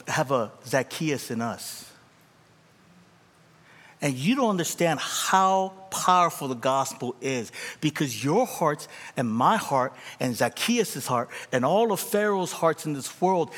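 A man delivers a sermon in a high, bright voice, building from calm teaching into near shouts. He plays out little quoted dialogues with the congregation. The hall adds a long, echoing tail to every word. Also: husky. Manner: animated preaching, rising to near shouts. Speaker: pastor. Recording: reverberant hall.

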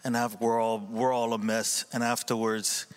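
A man, a pastor, sharing an earnest story and reflection from the pulpit, with many pauses, fillers and restarts. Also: mid-range voice, little pitch movement, clear, resonant tone. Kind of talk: sermon reflection before communion.

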